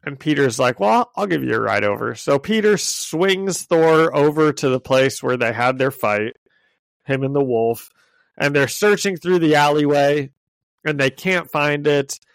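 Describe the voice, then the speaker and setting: A man co-hosting a podcast, casually recapping a kids' comic in a loose, laughing way with quick paraphrased quotes. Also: a little high, clean tone, no echo. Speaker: podcast co-host. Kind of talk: casual chat, retelling a comic.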